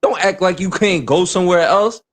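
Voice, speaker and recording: A young man, lecturing forcefully with heavy profanity in a casual livestream discussion. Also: high-pitched, normal speed. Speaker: livestream co-host.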